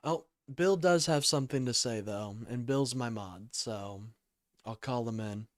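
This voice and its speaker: A man's voice: medium pitch, unhurried, no room sound, clean studio sound. A sleepy, yawning man hosting a casual call-in livestream, rambling and apologizing as he talks to chat.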